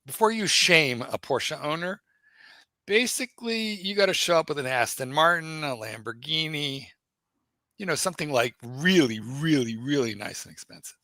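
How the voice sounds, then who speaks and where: A man co-hosting a casual livestream chat, teasing his partner with lively banter and frequent laughter. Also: a little high, normal speed, no room sound. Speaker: livestream co-host.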